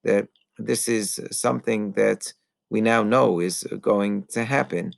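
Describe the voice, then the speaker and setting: A man, a rabbi, giving an earnest teaching sermon, pausing often with fillers and mixing in Hebrew terms. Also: lowish voice, vocal fry, no echo. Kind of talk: Tisha B'Av sermon.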